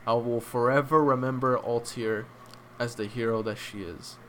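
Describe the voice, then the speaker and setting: A young man hosting an anime review, choked up and crying, talking in a heartfelt, halting way with many restarts. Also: mid-range voice, fairly even intonation, fairly bright tone, slight background noise. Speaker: anime reaction channel host. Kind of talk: emotional casual review.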